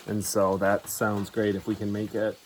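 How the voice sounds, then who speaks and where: A man's voice: lowish voice, completely flat delivery, moderate pace, a little hiss or hum. A man chatting casually to the camera on a long hike, tired and wry, outdoors on a forest trail. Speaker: hiking vlogger.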